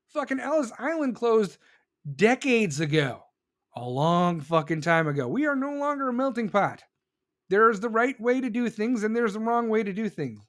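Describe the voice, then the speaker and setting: A man with a fairly high voice rants about politics in a heated, profane and sarcastic way. He reads viewer comments and talks like a casual commentary host. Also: a bit bright.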